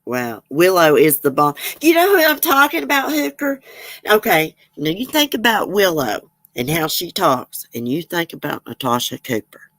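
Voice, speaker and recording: A woman's voice: fairly low pitch, very animated, normal speed, fairly bright tone, no room sound. A woman, chatting casually as a livestream host, reading viewer comments and rambling with frequent laughs.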